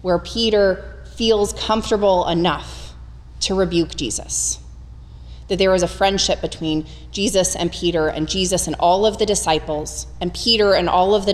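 A woman preaching a conversational, humorous sermon, retelling scripture with animated storytelling. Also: on the low side, long reverb tail.

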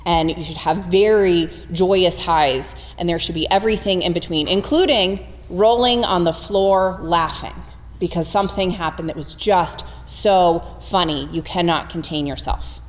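Woman preaching a lively, humorous sermon. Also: lowish voice, unhurried, in a large hall, slight background noise. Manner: conversational, humorous, animated storytelling.

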